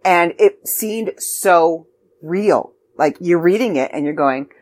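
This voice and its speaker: A chatty middle-aged woman from Canada gives a casual announcement about a writing contest. Her pitch swings freely from low to high, and she drops in quick, emphatic, self-deprecating asides. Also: lively intonation, darkish tone. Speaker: magazine editor and contest promoter.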